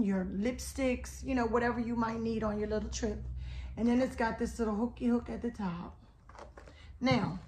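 Hoarse woman, higher-pitched voice, chatty haul vlogger, faint background noise. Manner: chatty, keeps addressing viewers as y'all. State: hoarse, losing her voice. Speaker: haul vlog host. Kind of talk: casual product haul chat.

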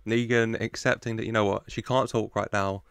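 Laughing reaction-video host, low gravelly voice. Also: male voice, level tone, a little fast, fairly bright tone, no echo, studio quality. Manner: chatty, laughs often, gushes over characters. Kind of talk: casual reaction commentary.

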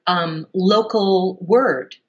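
A woman audiobook narrator, a guest on a podcast, explaining her craft at length with expressive, shifting emphasis. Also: fairly low pitch, very slow, muffled recording. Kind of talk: podcast interview answer.

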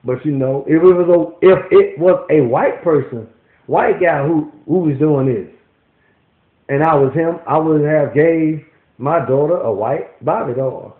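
A man's voice: on the high side, unhurried. Ranting man, profane and worked up. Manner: profane, animated ranting with repeated restarts. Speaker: vlogger. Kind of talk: ranting commentary to camera. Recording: echoey, tinny phone-like audio.

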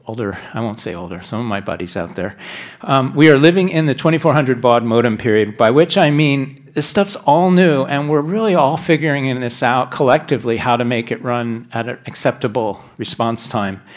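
A middle-aged man giving a technical talk on stage at a conference, chatty and self-deprecating, often restarting his sentences. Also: medium pitch. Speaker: conference speaker. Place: large conference hall.

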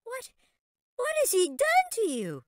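A man's voice: very high voice, big pitch swings, normal speed, a bit bright, no room sound, studio quality, voice pushed up, full character voice. A man voicing a tiny, fierce female fairy who scolds and warns urgently, in a storybook reading. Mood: startled.

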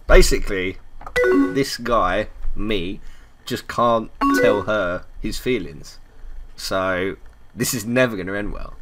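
A young man with a fairly low voice talks through a game, reading chat messages aloud and reacting with quick laughs. Keyboard clicks tick faintly behind him. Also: animated, a little hiss or hum. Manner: chatty, laughs often, reads messages aloud in a soft voice. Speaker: gaming video host. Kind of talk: blind playthrough commentary, reading chat aloud. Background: keyboard typing clicks.

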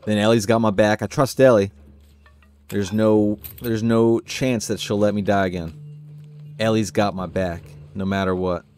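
Male gaming streamer, lower voice, chatty and self-mocking, noisy stream sound. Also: fairly even intonation, moderate pace, darkish tone. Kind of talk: casual let's-play commentary.

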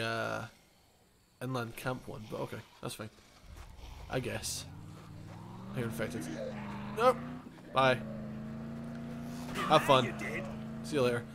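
A man's voice: medium pitch, gravelly, fairly bright tone. A man casually commenting on his own gameplay, rambling, correcting himself and chuckling as he goes. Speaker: gaming channel host. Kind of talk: casual let's-play commentary.

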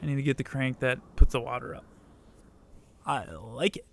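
A young man streaming a game, chatting casually with viewers, swearing freely and shouting at the game. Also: medium pitch, steady tone, normal speed, vocal fry, a little hiss or hum. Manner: profane, chatty, outbursts at the game, greets viewers. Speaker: let's play streamer. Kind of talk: casual live-stream gaming commentary.

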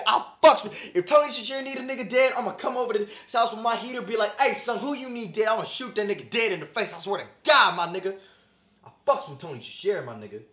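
A young man makes a comic cooking video in his home kitchen, talking with swagger, lots of slang, and plenty of boasting. His voice is fairly high and a little bright. The kitchen echoes, and there's faint background noise.

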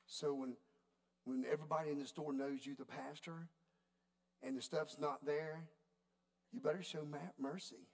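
A pastor, a man, preaches with a gravelly, creaky edge to his voice. He tells his story in a folksy, animated way, his voice sitting a little higher than most men's. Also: normal speed, pauses often. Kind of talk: sermon with storytelling.

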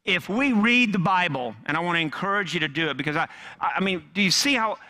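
A man preaching a sermon, telling a story with dramatic swings from loud emphasis down to hushed, near-whispered lines. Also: high voice, lively intonation, fast talker. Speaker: pastor.

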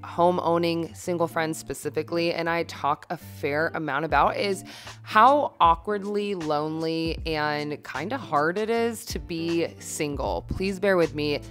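A woman with a low voice narrates a DIY vlog in a candid, chatty way, poking fun at herself as she goes. Soft music plays underneath the voice-over. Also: measured pace. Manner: chatty, candid, self-deprecating. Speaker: DIY vlogger.

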